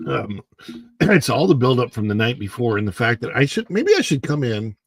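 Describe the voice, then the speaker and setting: A man hosting a casual livestream, chatting and reading viewer comments while his voice is hoarse from the morning and he keeps clearing his throat. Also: medium pitch, big pitch swings, normal speed, no room sound. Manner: rambling, chatty, greets viewers by name. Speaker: livestream host.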